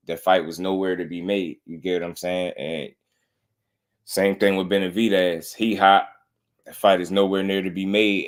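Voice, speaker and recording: A young man hosting a casual boxing commentary livestream, talking in slangy, laid-back banter, laughing often and giving shout-outs to chat. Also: sits low. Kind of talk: casual live-stream commentary.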